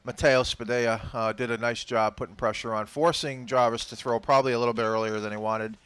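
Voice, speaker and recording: Smooth-voiced man giving football color commentary. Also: mid-range voice, fairly even intonation, fairly quick, fairly bright tone, no room sound. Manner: analytical, with frequent "uh" fillers. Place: local high school football broadcast booth.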